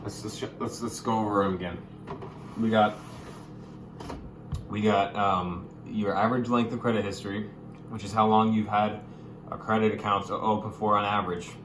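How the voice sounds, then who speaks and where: A young man explaining money topics in a casual vlog, goofy and jokey, with sudden loud, excited bursts. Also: fairly low pitch, normal speed, long pauses, roomy sound, noisy background. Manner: goofy, hyper bursts, calls viewers gamers. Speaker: YouTuber.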